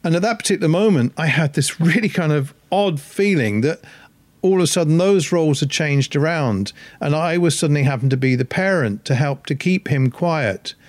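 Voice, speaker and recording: A man's voice: a little high, expressive, moderate pace, dry recording. Thoughtful man in a dry room. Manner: thoughtful, reflective, explanatory. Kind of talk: casual chat.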